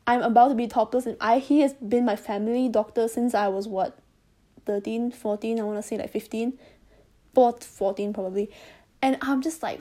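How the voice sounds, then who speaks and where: A young woman from Malaysia tells a personal story straight into a close mic, rambling and candid, with frequent swearing and exasperated asides. Her voice sits a little high yet sounds mellow and warm. Her loud breathing is clearly audible between phrases. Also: fairly quick. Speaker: vlogger. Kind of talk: casual storytelling monologue.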